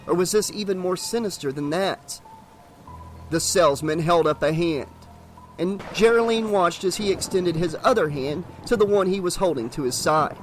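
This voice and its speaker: Man, horror audiobook narration, higher voice, faint music behind. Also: moderate pace.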